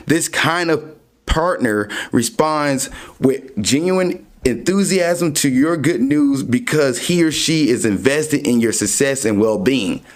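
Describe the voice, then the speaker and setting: A man hosting a podcast, giving casual relationship advice, acting out little scenes and reading aloud from a book. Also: mid-range voice. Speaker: podcast host.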